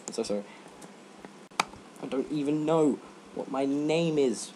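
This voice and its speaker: A teenage boy rambling and joking through gaming commentary, breaking into sudden loud yelps. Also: a little high, unhurried, long pauses, slight background noise. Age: teens. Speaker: let's play gamer.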